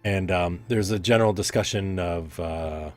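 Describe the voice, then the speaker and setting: A man with a lowish voice narrates a tabletop role-playing game as game master. He talks loosely, filling pauses and circling back as he describes the scene. Faint background music plays beneath him. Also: darkish tone. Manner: rambling, many ums and restarts.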